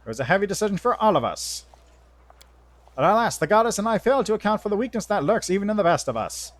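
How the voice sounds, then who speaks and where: A man's voice: high-pitched, sing-song, fast, no room sound, voice pushed up. A man voicing a solemn, ancient male angel herald in a mock French-tinged, old sci-fi style voice, reading game dialogue.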